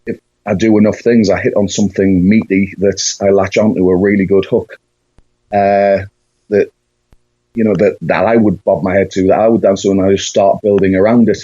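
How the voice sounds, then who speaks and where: Husky low-voiced Englishman musing hesitantly. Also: level tone, moderate pace, dark tone, dry recording. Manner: reflective, many fillers and restarts. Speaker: musician guest. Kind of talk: casual interview answers. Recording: dull lo-fi sound.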